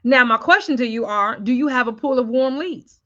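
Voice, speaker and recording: Woman coach on a live stream, higher bright voice, keeps asking if it makes sense, kinda muffled lo-fi sound. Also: moderate pace. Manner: keeps checking in with viewers. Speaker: sales coach.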